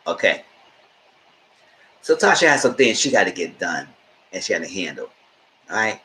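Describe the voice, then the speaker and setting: A man giving a casual live stream recap of a TV show, retelling scenes in a lively way and acting out what the characters say. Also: on the low side, roomy sound, a little hiss or hum. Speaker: TV show reviewer.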